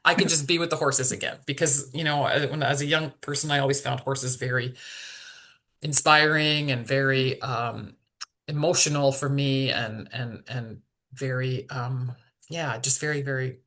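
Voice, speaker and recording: A woman guest recounting a personal story on a podcast, her bright, clear tone carrying real emotion. She speaks hesitantly, circling back over words with fillers and restarts. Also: extremely low pitch, steady tone, moderate pace. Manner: openly emotional, vulnerable.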